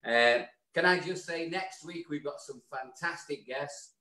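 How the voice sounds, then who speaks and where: A man's voice: on the high side, unhurried, bright, forceful tone. Effusive man in a roomy space. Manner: effusive, sentimental, emphatic. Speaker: co-host. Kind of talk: live online show sign-off. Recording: roomy echo.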